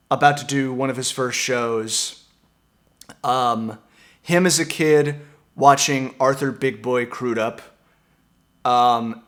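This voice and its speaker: A man in a casual, exasperated movie rant, swinging from mumbling asides to near-shouting, with many fillers and restarts. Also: on the high side. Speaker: video commentator.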